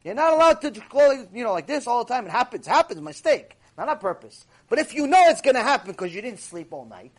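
A man teaching a Torah lecture in an animated, repetitive way, acting out voices as he speaks. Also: very high voice, quick pace, few pauses. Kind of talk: recorded mussar lecture.

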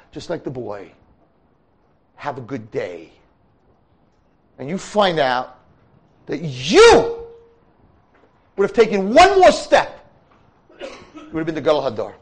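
A man's voice: on the high side, slow, pauses often, rough recording. A man, a rabbi, giving a sermon to yeshiva boys, acting out the voices of people in his stories. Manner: animated, acts out voices.

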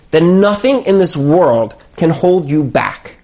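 A man's voice: high voice, very animated, unhurried, few pauses, mellow. A man giving an emphatic motivational talk as a marriage coach, hammering home his points with repetition.

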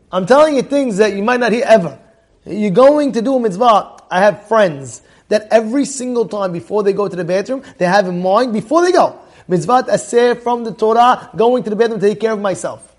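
A rabbi with a notably high voice for a man, teaching in a loose, chatty way. He tells anecdotes and throws questions out to the room, calling on people by name. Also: fast. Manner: conversational, tells stories, quizzes the audience by name. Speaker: rabbi teaching a Torah class. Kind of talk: informal Torah lecture.

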